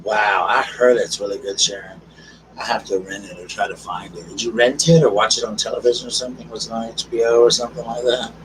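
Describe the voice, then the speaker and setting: A chatty man hosts a casual live stream from home and reads out viewer comments in a fairly low voice. He talks in an affectionate way, calling people girl and darling. He sits a good distance from the mic, with clear background noise. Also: steady tone, fast talker. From South Carolina.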